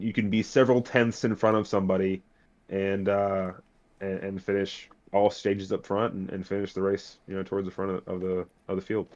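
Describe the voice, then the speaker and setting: Male co-host, low monotone voice, steady and encouraging, muffled lo-fi audio. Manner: steady, encouraging, plain-spoken. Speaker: podcast co-host and sim racer. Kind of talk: casual chat. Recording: dull lo-fi sound.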